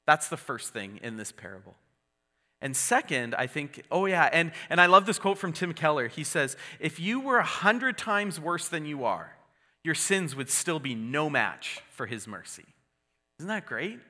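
A man preaches in an earnest, conversational way, breaking off for asides and starting phrases over. His voice is bright and forceful and sits a little high. It rings out through a hall with a long reverb. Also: sing-song, moderate pace. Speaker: pastor. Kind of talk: sermon.

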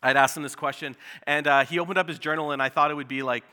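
A man's voice: a little high, fairly even intonation, fast talker, bright, forceful tone, clean tone. A man giving a sermon as a pastor, speaking casually and conversationally with many fillers. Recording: long hall reverb.

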